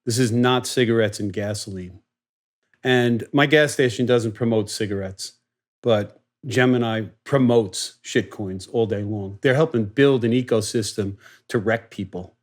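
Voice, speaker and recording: A man arguing passionately and insistently in a heated debate, repeating himself louder to get his point across. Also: lowish voice, unhurried. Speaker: guest.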